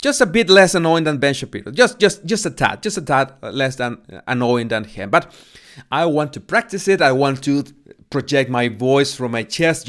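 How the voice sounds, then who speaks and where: Latino spanish-accented guy rambling on his channel, smooth voice, stutters n restarts a lot, careful with his words. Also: medium pitch, animated, normal speed, a bit bright. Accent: Latin American Spanish. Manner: careful with pronunciation. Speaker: channel host. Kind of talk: casual rambling live chat.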